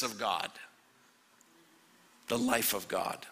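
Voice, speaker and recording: Brief: a male guest preacher with a bright, husky voice, delivering an animated sermon in a reverberant church hall. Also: medium pitch, normal speed, pauses often. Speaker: guest pastor. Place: church sanctuary.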